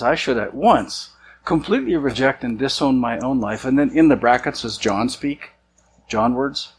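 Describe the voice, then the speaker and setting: A man's voice: medium pitch, animated, normal speed, a little hiss or hum, low-quality recording. A man, a senior church leader, preaching a sermon in a casual, conversational way, sometimes acting out the voices of people he quotes. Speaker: pastor.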